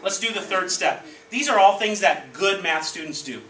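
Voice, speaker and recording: A male teacher leads a classroom of children, prompting them with lively call-and-response and brisk instructions. He is picked up from across an echoing classroom, a little distant, with steady room noise behind him. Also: high-pitched. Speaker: elementary school teacher. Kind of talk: leading a classroom math lesson. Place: elementary school classroom. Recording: echoey classroom, distant mic, background noise.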